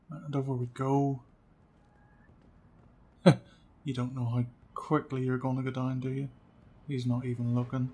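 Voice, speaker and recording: A man giving casual gameplay commentary, chatty and often dropping to quiet muttering as he sneaks around. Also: medium pitch, husky. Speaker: let's play gamer.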